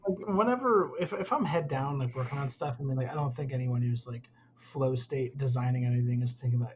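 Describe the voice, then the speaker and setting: A man's voice: medium pitch, fairly quick, few pauses, muffled recording, a little hiss or hum. A man who works as a concept artist, speaking as a guest in a casual interview and rambling with many fillers.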